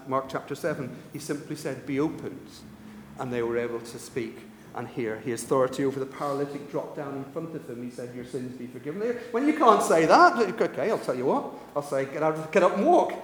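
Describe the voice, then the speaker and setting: Animated preacher in an echoing hall. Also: male voice, fairly high pitch. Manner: animated storytelling, repeats and restarts words. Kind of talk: sermon. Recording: echoey hall, reverb.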